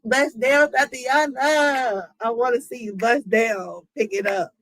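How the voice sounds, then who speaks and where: Speaking to chat about celebrity news, a woman streamer poses rhetorical questions to her viewers and uses AAVE phrasing in a relaxed way. Her fairly high, slightly bright voice moves slowly. The recording is low quality, with no echo.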